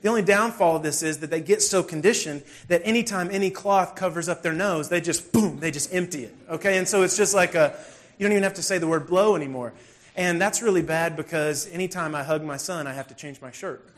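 Man, 30s, high-pitched, animated, self-deprecating preacher. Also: fairly quick. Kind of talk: humorous storytelling sermon.

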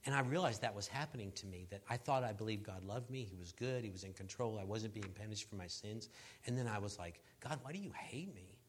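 Earnest man telling a halting story. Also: lowish voice, a little hiss or hum. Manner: laughs at himself while telling the story. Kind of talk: personal testimony on a panel.

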